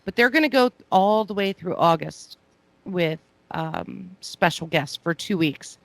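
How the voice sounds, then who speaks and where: A podcast co-host chatting casually in a relaxed, matter-of-fact way. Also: mid-range voice, a little slow, vocal fry, dry recording.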